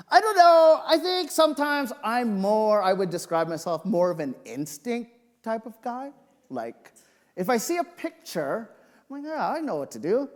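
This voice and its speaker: A male pastor preaching a sermon, telling personal stories in an animated, joking way. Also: very high-pitched. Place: church sanctuary. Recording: long reverb of a church hall.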